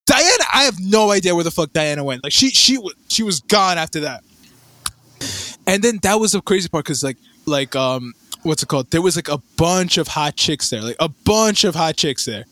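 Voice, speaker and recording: A young man telling a rambling story in casual chat, animated and swearing, with lots of fillers and restarts. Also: a little high, moderate pace, dry recording.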